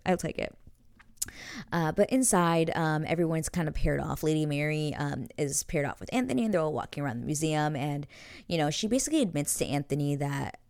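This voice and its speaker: A woman's voice: low voice, creaky, darkish tone, dry recording, clean studio sound. A young woman hosting a casual episode recap, chatty and full of "like" and little laughs. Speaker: show host.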